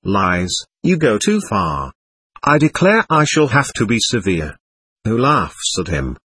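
A man reading aloud, voicing an anxious, effusive middle-aged aristocratic lady who talks rapidly and nervously. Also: fairly low pitch, huge pitch swings, fairly bright tone, breathy edge, dry recording, heavily acted. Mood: gushing.

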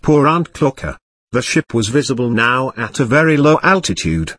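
A man narrating a first-person story aloud in a plain, steady reading manner. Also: mid-range voice, normal speed, no room sound, studio quality.

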